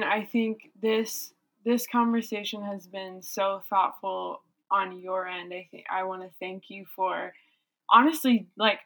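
A woman hosts a podcast in a voice of ordinary middle pitch. She speaks in a measured, appreciative way while she puts a question to her guest. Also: fairly bright tone. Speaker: podcast host. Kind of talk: interview wrap-up question.

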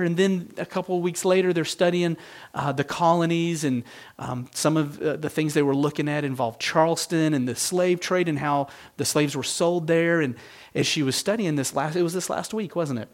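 A man's voice: fairly high pitch, moderate pace. A middle-aged man, a pastor, giving a sermon in an earnest, reflective, conversational way.

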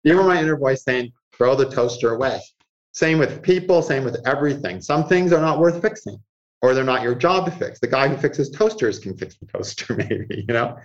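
A man with a slightly high voice talks through astrological ideas in a loose, conversational interview. He acts out the inner voices of his examples and chuckles often. The recording sounds muffled and lo-fi. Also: animated, a little fast. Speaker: astrologer guest. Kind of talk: animated conversational explanation.

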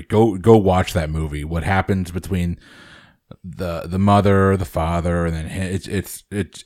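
Male panelist, very low voice, hesitant with stammered restarts. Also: a little mellow, no room sound, clean studio sound. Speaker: podcast panelist. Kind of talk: casual panel chat.

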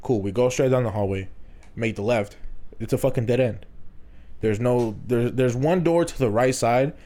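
A man's voice: mid-range voice, normal speed, warm tone. A man casually telling a long story on a podcast, rambling and swearing, laughing often. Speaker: podcast co-host.

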